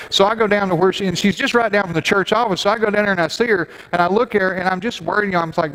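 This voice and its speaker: A middle-aged man, a pastor giving a Mother's Day sermon and telling a personal story with gentle humor. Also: high voice, racing, few pauses. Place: church sanctuary. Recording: long hall reverb, faint background noise.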